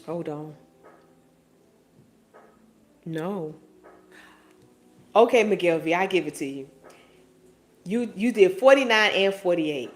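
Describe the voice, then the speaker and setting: A woman's voice: fairly low pitch, animated, takes it slowly, long pauses. A woman in her forties hosting a casual live stream, reading viewer comments and answering them in a playful, teasing and profane way. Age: 40s.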